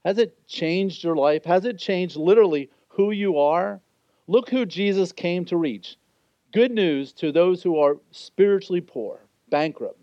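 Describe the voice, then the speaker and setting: A man's voice: sits high, measured pace, darkish tone, dry recording, muffled recording. A man preaching a sermon as pastor, explaining scripture in an earnest way and briefly acting out the voices he quotes.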